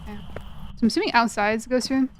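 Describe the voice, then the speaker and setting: A woman live-streaming a video game, chatting with viewers and explaining mechanics, her voice cracking and going hoarse. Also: a little high, quick pace, a little hiss or hum. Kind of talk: live gaming commentary.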